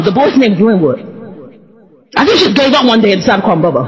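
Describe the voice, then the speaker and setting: A woman telling a personal story in a testimony style, laughing often and talking in an animated, emotional way. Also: fairly high pitch, fast talker. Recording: dull echoey hall sound.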